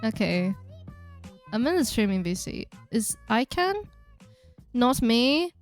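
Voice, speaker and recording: A woman streaming a game live, reading the story text aloud and reacting with excited, startled exclamations. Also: on the high side, takes it slowly, soft background music.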